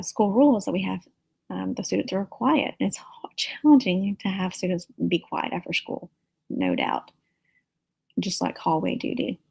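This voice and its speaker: A woman's voice: medium pitch, vocal fry, darkish tone, breathy edge, poor audio. A woman teacher giving an earnest, practical lecture on managing a classroom, illustrated with stories from school.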